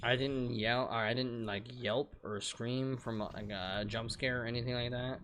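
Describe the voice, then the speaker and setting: Young man, game streamer, rambling, venting, profane, middle pitch, faint background hiss. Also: steady tone, normal speed. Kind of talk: casual live-stream chat. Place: home, at night.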